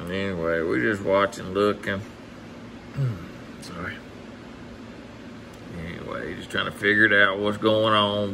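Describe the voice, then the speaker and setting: A man's voice: lowish voice, creaky, fairly bright tone, slight background noise. A man narrating a casual outdoor vlog as a hog trapper, chatting in a folksy way with asides to his viewers. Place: outdoors near a house.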